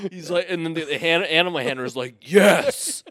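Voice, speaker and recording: A man's voice: on the high side, fairly quick, pushed and bright. A man co-hosting a casual movie podcast, making crude jokes and doing silly quoted voices. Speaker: podcast co-host. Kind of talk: casual movie-review chat.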